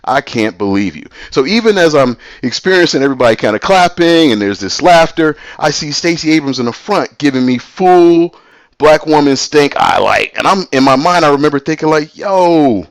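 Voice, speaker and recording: Male storyteller, middle-aged, casual and animated, close dry read. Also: a little high, fairly quick, dry recording. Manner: animated, voices other people in quotes.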